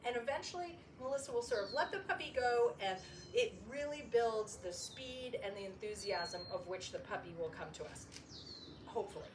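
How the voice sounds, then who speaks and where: A woman dog trainer demonstrating training steps, who breaks into high, excited praise when calling the puppies. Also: normal speed, noisy background. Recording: echoey room, voice from a distance.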